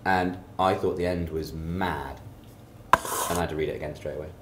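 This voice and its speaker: A man's voice: deep voice, steady tone, moderate pace. A man, an actor guest in a live promotional interview, talking in a playful, teasing, jokey way. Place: office event space with an audience. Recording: echoey room with crowd noise.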